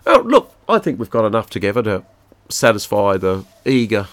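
With a fairly low voice that swings hugely in pitch, a middle-aged Australian dad speaks at a moderate pace on a podcast he co-hosts with his son. The recording has no echo, and he's a rambling, chatty storyteller who laughs while casually trading stories.

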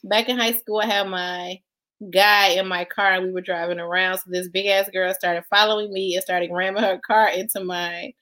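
A woman's voice: mid-range voice, level tone, normal speed, pushed and bright. A woman in her thirties co-hosting a casual chat, blunt and profane, laughing often. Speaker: podcast co-host. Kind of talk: casual chat, reading listener stories.

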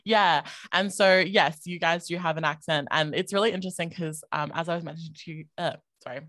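A woman's voice: on the low side, a little fast, fairly bright tone, dry recording, clean studio sound. A young Australian woman, a podcast guest, chatting animatedly and acting out quoted dialogue. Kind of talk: casual chat.

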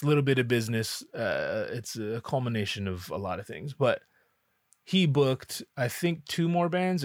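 A man's voice: medium pitch, no echo, studio quality. Candid, swearing man telling a story. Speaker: rapper. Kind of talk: casual personal storytelling.

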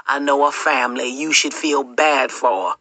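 Woman narrator playing a grave, patient father, voice dropped low. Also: steady tone, normal speed, pushed and bright, no echo, full character voice. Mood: calm, grave. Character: stern, patient middle-aged father.

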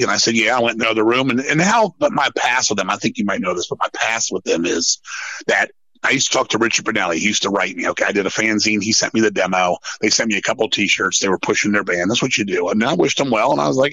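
A man's voice: mid-range voice, fast, no echo, muffled recording. A man in his fifties telling blunt, profane stories in a casual podcast chat. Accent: American. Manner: profane, blunt, animated storyteller. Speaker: guest musician.

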